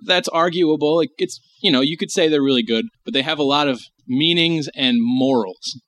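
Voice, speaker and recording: A man's voice: fairly high pitch, moderate pace, fairly bright tone. A man hosting a comedy podcast and mocking a clip with sarcastic commentary. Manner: mocking, sarcastic, laughs often. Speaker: podcast host.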